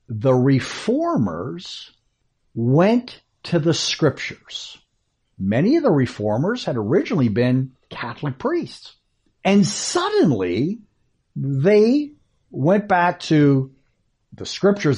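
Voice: mid-range voice, darkish tone, slightly rough. A Bible teacher giving a teaching series, emphatic, repeating key phrases and asking rhetorical questions.

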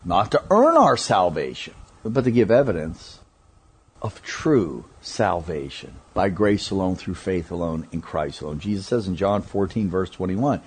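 A man preaching a sermon, emphatic and deliberate, often asking rhetorical questions. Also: on the low side, darkish tone, husky.

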